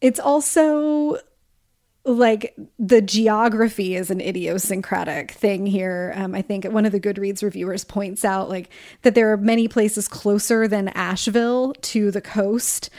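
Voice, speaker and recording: A woman's voice: medium pitch, fairly even intonation, measured pace, darkish tone. A woman co-hosting a casual book-discussion talk, thoughtful and a little hesitant, with frequent fillers. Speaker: podcast co-host.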